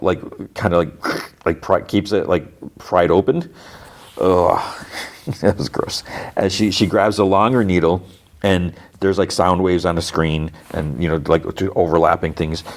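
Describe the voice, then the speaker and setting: A man hosting a podcast, casually recapping a TV episode, rambling with lots of "like" and retelling the dialogue scene by scene. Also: sits low. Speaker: podcast host.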